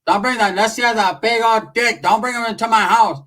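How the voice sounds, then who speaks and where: A man voicing a crude, bossy father who scolds loudly and swears. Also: sits high, fairly even intonation, a little fast, recorded from a distance, voice pushed up. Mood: scolding. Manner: loud, scolding, profane.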